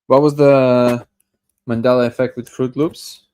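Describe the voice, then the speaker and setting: A man's voice: mid-range voice, little pitch movement, unhurried, darkish tone, clean tone. A man hosting a daily live discussion, thinking aloud as he reacts to a video clip, often restarting and tripping over his words. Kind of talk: casual live commentary while watching a clip.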